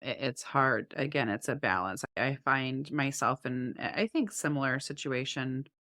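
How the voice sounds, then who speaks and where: A woman co-hosting a podcast, telling family stories with lively quoted dialogue. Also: rumbling low, normal speed, no echo, clean studio sound. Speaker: podcast co-host. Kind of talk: casual chat.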